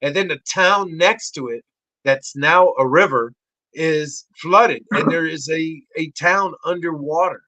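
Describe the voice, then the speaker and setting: Male podcast guest, forties, excitable raconteur, slightly high and bright. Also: unhurried, no room sound, rough recording. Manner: excitable, swearing, acts out voices in high shouts. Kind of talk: animated storytelling.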